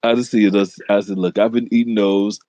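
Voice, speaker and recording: A man co-hosting a casual talk podcast, halting and retelling everything with "I said". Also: lowish voice, little pitch movement, muffled recording, background noise. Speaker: co-host. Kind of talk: casual chat.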